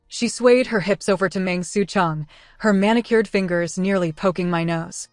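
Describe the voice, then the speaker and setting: A woman giving smooth, even scripted narration of a story. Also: medium pitch, moderate pace, no room sound. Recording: dry close studio voice with faint music. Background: faint music.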